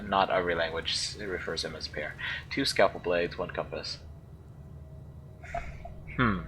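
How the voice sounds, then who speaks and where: A man with a low voice and a bright, forceful tone, talking through a game as he plays. He thinks aloud and hesitates, puzzling over how to say unfamiliar words. A faint hiss of noise sits behind him. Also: rough recording. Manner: thinking aloud, unsure, musing over pronunciations. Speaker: let's play gamer. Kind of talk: casual gameplay commentary.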